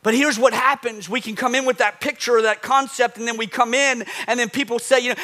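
A man preaching a sermon, telling animated stories and repeating phrases for emphasis. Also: very high voice, fast, hardly any pauses. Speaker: pastor.

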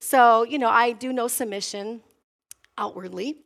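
High-voiced animated woman preacher. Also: measured pace, gravelly. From Wisconsin. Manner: animated storytelling preacher, voicing herself and God in dialogue. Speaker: pastor. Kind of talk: sermon.

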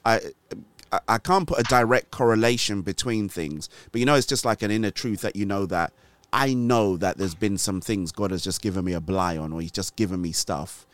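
Casual guy hosting, rambles and restarts a lot, deep-ish, dry mic. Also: brisk, no echo. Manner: rambling, many restarts, laughs easily. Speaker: host. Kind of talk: casual faith chat.

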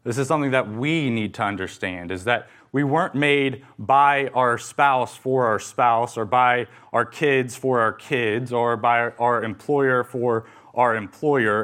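A man's voice: mid-range voice, a bit bright. A young adult man, a pastor, preaching a sermon in an earnest, emphatic way, with some fillers and restarts.

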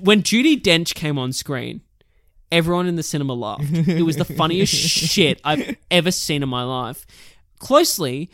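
Brief: man, animated sweary storyteller, fairly high lively voice, dry close sound. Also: dry recording. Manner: animated, sweary storytelling with many fillers and laughs. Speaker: film reviewer. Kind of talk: casual chat.

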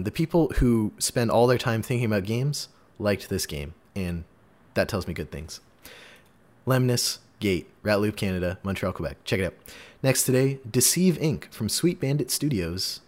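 A man in his twenties hosting a casual podcast, animated and jokey, often restarting his sentences. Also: fairly low pitch. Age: 20s. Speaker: podcast host.

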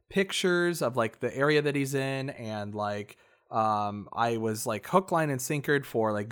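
A man's voice: mid-range voice, a bit bright. A man in casual podcast chat, explaining at length in a laid-back way, full of fillers. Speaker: podcast co-host.

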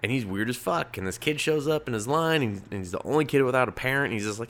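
A man's voice: mid-range voice, animated, quick pace, fairly bright tone. A young man casually reviewing comic books, swearing freely, rambling, and laughing at his own jokes. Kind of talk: casual solo review podcast.

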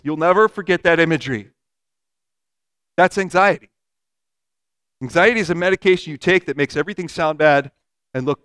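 A man preaching a conversational sermon, animated, acting out everyday quotes and vivid hypotheticals. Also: fairly high pitch.

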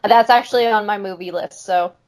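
A woman's voice: mid-range voice, fairly quick. A woman co-hosting a comedy podcast, reading a creepy story aloud with dry, wry remarks. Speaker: podcast co-host. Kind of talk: joking read-aloud.

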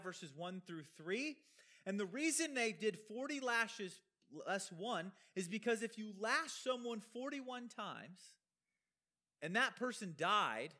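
A man's voice: sits high, pushed and bright. A man preaching an expository sermon, explaining a Bible passage with emphatic rhetorical questions and conversational asides.

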